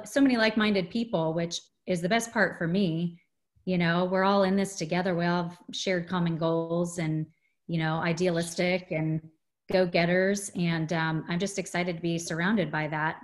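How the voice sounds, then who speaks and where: A woman, a guest in a casual interview, talking earnestly with many "you know" fillers. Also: lowish voice.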